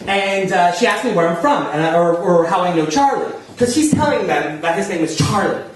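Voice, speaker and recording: A man's voice: high voice, lively intonation, brisk. A man from New Jersey telling a self-mocking comic story live on a small theater stage, chatty and laughing as he goes. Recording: echoey room, voice from far off.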